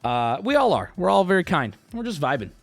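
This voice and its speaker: A man's voice: sits high, brisk, vocal fry. A man in his thirties, a streamer casually telling a story to his live chat, swearing and joking as he goes. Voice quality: animated, swearing, jokey.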